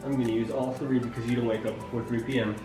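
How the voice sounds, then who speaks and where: A man's voice: medium pitch, flat delivery, quick pace, echoey room, music in the background. A man bantering casually at home in a dry, teasing way.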